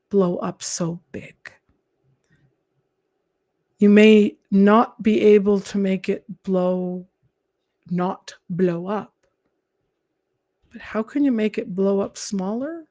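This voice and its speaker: A woman live streaming, talking in a calm, earnest, reflective way and sometimes dropping into soft whispered asides. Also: medium pitch, slow, pauses often, no echo. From Canada.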